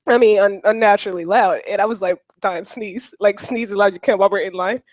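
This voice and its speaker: A woman's voice: mid-range voice, fast talker, darkish tone, no echo. A woman co-hosting a podcast, telling a family story in casual chat, laughing and acting out the people in it. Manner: laughs a lot, acts out voices in stories. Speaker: podcast co-host.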